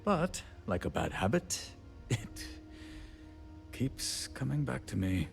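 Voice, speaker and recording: A man's voice: medium pitch, very animated, slow, vocal fry, faint music behind, full character voice. An actor voicing a middle-aged male handyman in video game dialogue, wry and rambling, laughing at himself. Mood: wistful. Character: weary, punning, self-deprecating male station handyman.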